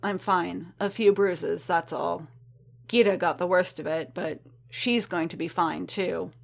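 Woman doing a calm, firm warrior guy, low-key, soothing someone. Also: a little slow, gravelly. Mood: reassuring. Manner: firm and reassuring. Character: calm, steady male armored warrior.

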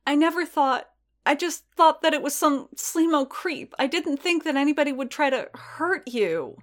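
A woman voicing an anxious, tearful young female alien barmaid in a storybook reading, high and pleading. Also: big pitch swings, normal speed.

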